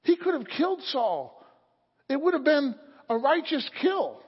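A man's voice: very high-pitched, big pitch swings, unhurried. A man preaching a sermon as pastor, fervent and calling out for amens, recorded in a church sanctuary. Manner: fervent preaching, calls for amen. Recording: echoey hall, dull lo-fi audio.

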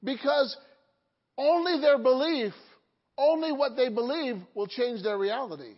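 A woman's voice: sits high, unhurried. A woman preaching a sermon, quizzing the congregation with questions and dropping joking asides. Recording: dull lo-fi hall recording.

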